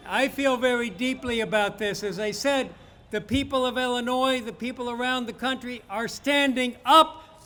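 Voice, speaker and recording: A man's voice: very high voice, normal speed, sharp tone, faint music behind. A man emceeing an outdoor rally, introducing speakers and leading rousing call-and-response chants.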